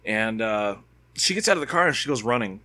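A man's voice: lowish voice, very animated, fairly quick, sharp tone. A man telling a personal story in a casual, rambling way, full of fillers and restarts. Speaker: father recounting a personal experience.

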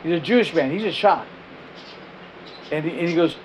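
A middle-aged man, a pastor, telling a story in a sermon with animated delivery, often repeating and restarting phrases. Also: fairly high pitch, normal speed, lo-fi sound, a little hiss or hum.

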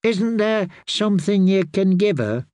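A man's voice: sits high, lively intonation, unhurried, darkish tone, no echo, voice pushed up. A man voicing a frightened, anxious young man who pleads and frets. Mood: pleading. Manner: nervous, pleading.

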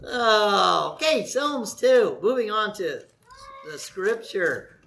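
Brief: middle-aged male pastor, chatty and jokey, higher voice, speaks in a church. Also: big pitch swings, slow pace, vocal fry, pushed and bright, a little hiss or hum. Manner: chatty and jokey, laughs often. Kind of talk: sermon with church announcements. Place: church sanctuary.

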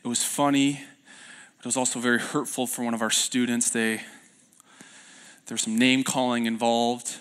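A man's voice: medium pitch, flat delivery, moderate pace, long pauses, a bit bright, clear, resonant tone. A young man preaching a sermon as pastor in a church, telling stories in a loose, self-deprecating way with fillers and restarts. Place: church sanctuary.

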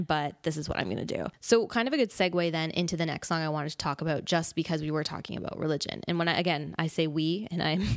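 A young woman talks alone into a close, dry mic on her podcast, chatting loosely about music. Her voice sits low for a woman, and she peppers her talk with "like" and sings little snippets along the way. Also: smooth, no echo. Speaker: podcast host. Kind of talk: solo casual music talk.

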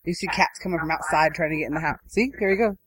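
A woman's voice: low voice, very fast, breathy edge, no echo. A woman in a casual podcast chat, animatedly telling a funny story and laughing as she goes.

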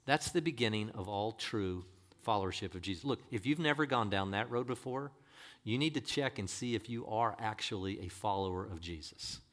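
A man's voice: lowish voice, normal speed, fairly bright tone. A man preaching a sermon, emphatic and direct, firing rhetorical questions at the congregation.

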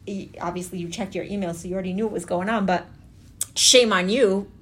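A woman's voice: mid-range voice, steady tone, a little fast, a bit bright. A woman co-hosting a podcast as a salon owner, chatting casually, swearing freely and laughing through her stories. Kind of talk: casual chat.

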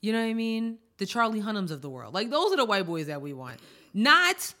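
A woman co-hosting a podcast, ranting in animated, exasperated casual chat. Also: medium pitch, fairly quick. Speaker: podcast co-host.

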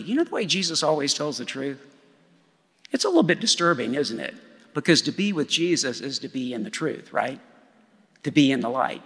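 A man's voice: a little high, very animated, fairly quick, fairly bright tone, slightly rough. A male pastor preaching a sermon in a conversational way, often checking in with "right?". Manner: conversational, with frequent "right?" tags. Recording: long hall reverb.

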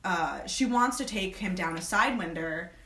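A woman co-hosting a podcast in casual chat, animated and laughing, acting out lines from a book and movie. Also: lowish voice, normal speed, reverberant. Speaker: podcast co-host.

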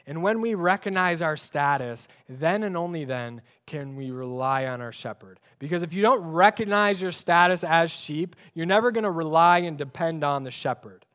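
A man's voice: on the high side, expressive, moderate pace, few pauses, a bit bright. A young man preaching a sermon as pastor, conversational and emphatic, with many rhetorical questions.

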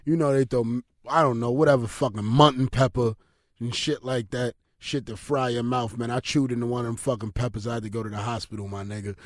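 A man telling loud, profane stories in casual chat with friends. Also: mid-range voice, a little fast, no echo, studio quality. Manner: profane, animated storytelling.

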